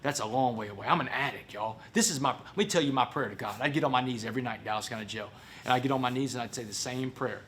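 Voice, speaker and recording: A man's voice: medium pitch, quick pace, fairly bright tone, slight background noise. A man, a motivational speaker dramatically telling his own story to an audience and acting out other people's voices. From Port Arthur, Texas. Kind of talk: personal story told to an audience.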